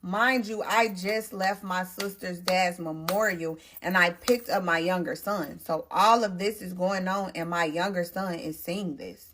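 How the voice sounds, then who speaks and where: A woman's voice: fairly low pitch, fairly even intonation, unhurried, few pauses, a bit bright, slight background noise. Emphatic pregnant woman telling a story. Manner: emphatic, repeats phrases for stress; talks straight to viewers. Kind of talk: storytime vlog.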